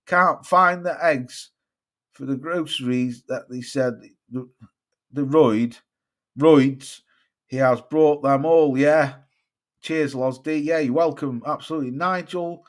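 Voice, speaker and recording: A man's voice: on the high side, slow pace. A middle-aged British man hosting a boxing live stream, talking bluntly and swearing as he reads out viewer comments. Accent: British English. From United Kingdom. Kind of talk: casual live-stream chat reading comments.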